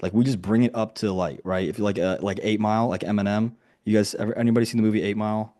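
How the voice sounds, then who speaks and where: A man's voice: lowish voice, steady tone, fast, mellow. A man coaching a group video call, talking casually with lots of "like" and acted-out quotes. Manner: casual and conversational, full of "like" and quoted dialogue.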